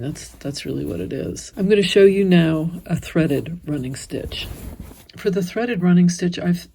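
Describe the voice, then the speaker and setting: A middle-aged woman talks through an embroidery lesson in a relaxed, chatty way, pausing to think aloud as she stitches. Her voice has a gravelly edge and a husky, mellow tone. She sounds close to the mic. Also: low-pitched. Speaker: embroidery teacher and channel host. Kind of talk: casual step-by-step craft tutorial.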